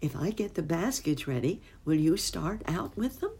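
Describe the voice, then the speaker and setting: A woman's voice: on the low side, sing-song, moderate pace, mellow, husky, pitched above the performer's own voice, heavily acted. A woman voicing a fretful muskrat lady housekeeper in a storybook reading. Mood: worried. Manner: fretful, apologetic.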